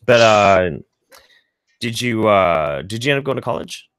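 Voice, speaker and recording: A man's voice: lowish voice, animated, unhurried, fairly bright tone, clean tone, no room sound. An American man hosting a casual streamed chat, rambling loosely and swearing freely, with lots of restarts. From United States. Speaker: host.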